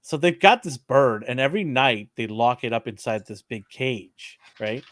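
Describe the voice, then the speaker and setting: A man co-hosting a podcast, telling a story in casual chat, animated and laughing, acting out the quotes. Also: medium pitch, normal speed, dry recording. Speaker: podcast co-host.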